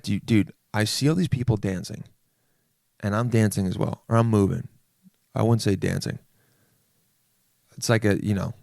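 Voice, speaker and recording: A man's voice: lowish voice, vocal fry, dry recording, studio quality. A young man hosting a podcast, delivering a rambling comedic solo monologue, often interrupting himself and saying "dude.". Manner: rambling, self-interrupting, says "dude" a lot. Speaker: podcast host.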